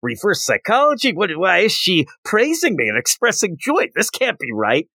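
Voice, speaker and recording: A flustered, lovestruck little girl, rattling off her worries in a rushed, exaggerated way, as a man reads her lines aloud. The delivery swoops up and down with lively pitch. It sounds dry and close, with no room around it. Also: dry recording, exaggerated voice. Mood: panicked. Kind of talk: podcast manga recap.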